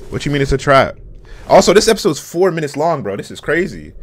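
A young man hosting a casual reaction video, full of slang and bursting into shouts and laughs at what he watches. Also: a little high, fast, a little hiss or hum. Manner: excitable, shouts and laughs at the screen, heavy slang. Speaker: reaction channel host.

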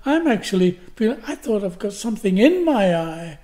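An anxious, exclaiming man, as an older storyteller acts him out, worried and a little raised in pitch. His voice stays mellow and soft-edged. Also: sing-song, moderate pace. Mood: alarmed. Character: tall anxious fellow actor, alarmed.

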